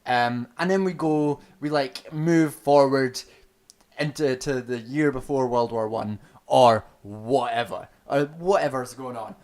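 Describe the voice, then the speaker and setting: A young Scotsman grumbles about a movie on his stream, cursing a lot, sounding sardonic and breaking off to restart sentences. He speaks unhurriedly at medium pitch with a darkish tone.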